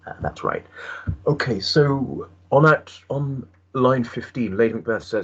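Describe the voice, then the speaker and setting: Male teacher, very deep voice, dull lo-fi recording, explanatory classroom delivery. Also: expressive, moderate pace, breathy edge. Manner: explanatory, asks the class questions.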